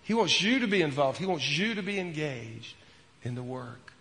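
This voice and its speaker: A man preaching a sermon as a pastor, earnest, repeating words and dropping from loud to hushed. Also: fairly high pitch, very animated, moderate pace, big-room sound.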